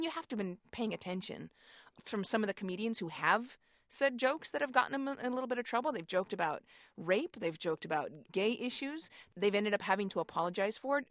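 A woman hosting a radio interview, asking questions in a measured, probing way. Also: on the high side, a bit bright, no echo, clean studio sound. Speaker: radio host.

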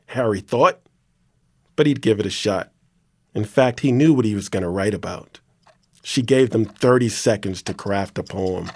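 A man's voice: on the low side, normal speed, dry recording. Man reading a children's story aloud. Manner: expressive, playful storytelling. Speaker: story reader.

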